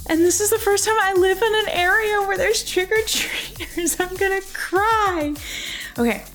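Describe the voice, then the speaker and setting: Giddy high-pitched woman streamer. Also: normal speed, a bit bright, faint music behind. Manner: giddy, laughs often, talks to her cat. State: a little high. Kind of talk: casual livestream chat while knitting.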